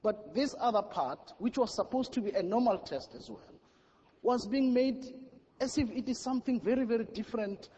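A man's voice: extremely high pitch, expressive, moderate pace, dark tone, husky, in a large hall, highs cut off. A man speaking as a media panelist at a conference, telling a personal story in an earnest, emphatic way. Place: large conference hall.

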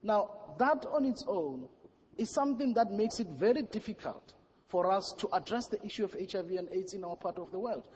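A man's voice: high-pitched, darkish tone, breathy edge, in a large hall, lo-fi sound. A man speaking as a media panelist at a conference, telling a personal story in an earnest, emphatic way. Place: large conference hall.

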